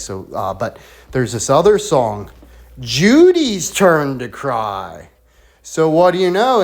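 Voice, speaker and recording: A man hosting a sports predictions show, rambling through conspiratorial theories in a profane, sarcastic, excitable way. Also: mid-range voice. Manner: profane, sarcastic, excitable, talks about himself as Coach.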